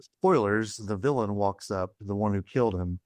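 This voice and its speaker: A man with a lowish voice tells a joke in a relaxed storytelling way. His sound is dry and close, with no room around it. He is a player chatting with his game group. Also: normal speed, no room sound. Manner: joking storyteller. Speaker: fighter player. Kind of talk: casual roundtable chat.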